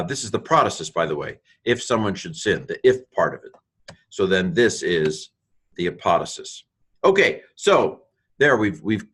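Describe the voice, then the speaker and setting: A man's voice: low-pitched, fairly bright tone, slightly rough. A man teaching a recorded lesson on Greek grammar over slides, thinking aloud, correcting himself and making playful asides.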